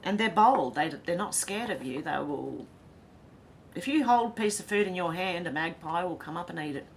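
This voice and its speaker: A woman's voice: lowish voice, animated, moderate pace, a little hiss or hum. A woman with an Australian accent hosting a casual livestream, reading viewer comments aloud and chatting with a laugh. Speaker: livestream host reading chat. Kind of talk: casual chat.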